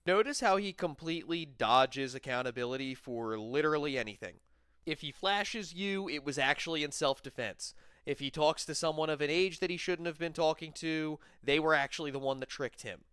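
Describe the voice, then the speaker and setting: A man hosting a commentary channel, talking over clips in a dry, mocking, deadpan voice. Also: on the high side, normal speed, clean tone, no room sound.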